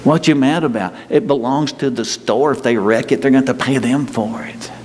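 A folksy man preaching in a relaxed, conversational way, with asides and banter aimed at his congregation. His mid-range voice carries a long, ringing reverb from a large sanctuary, and a faint hum of room ambience sits underneath. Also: medium pitch, fairly quick. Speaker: pastor. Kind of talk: conversational sermon.

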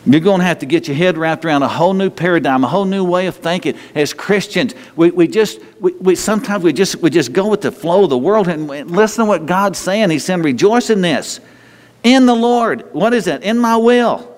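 A man's voice: sits high, lively intonation, a little fast. A pastor preaching a sermon in a conversational way, often restarting phrases and chuckling as he talks to the congregation. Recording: long hall reverb.

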